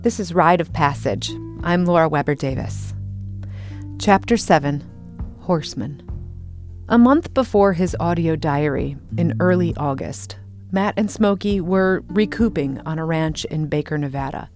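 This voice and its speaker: A woman with a low voice narrates a documentary story from a studio mic in a measured, deliberate way. Soft music plays faintly behind her. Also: expressive. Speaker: podcast host and narrator.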